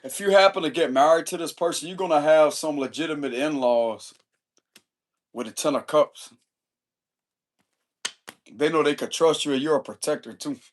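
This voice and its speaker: Man, fairly high voice, casual tarot reader, slangy and profane, quick to chuckle. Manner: loose, profane, slangy chat; chuckles often.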